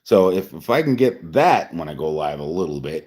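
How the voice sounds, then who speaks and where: Sipping whiskey as he talks, this forties-aged man rambles through a casual live-stream chat, repeating himself and laughing a lot after a few drinks. He sits low in pitch with a slightly mellow, sing-song delivery at normal speed and hardly any pauses.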